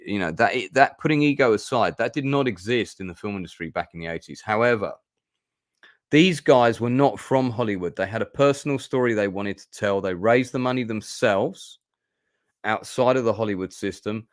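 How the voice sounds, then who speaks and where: A man with a fairly low voice hosts a casual film review stream. He rambles and hesitates, filling gaps with ums and uhs, and drifts into emotional asides. The sound is dry and close, with no room echo. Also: normal speed. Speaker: host.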